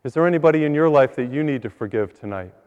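A priest giving an earnest sermon, repeating words and building to higher emphasis on key points. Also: male voice, animated, fast, darkish tone, clean tone, big-room sound, dull audio. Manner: earnest, repeats words, rises in pitch when stressing a point.

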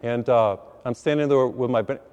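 A man, a priest, preaching a sermon as a lively, self-deprecating story, acting out his own reactions. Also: medium pitch, moderate pace, a little hiss or hum. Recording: long hall reverb.

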